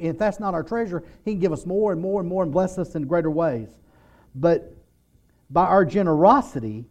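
Male preacher, slightly high voice, storytelling, acts out quotes, sermon. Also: darkish tone. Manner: storytelling, acts out quotes, imitates muffled "wah wah" voice. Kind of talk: sermon with stories.

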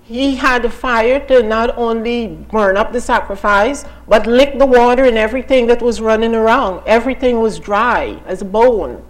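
A woman teaching from the Bible in a relaxed, conversational sermon. Her voice sits fairly high, and she keeps dropping in "you know" asides while putting questions to her listeners. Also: poor audio. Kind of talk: informal sermon and personal testimony.

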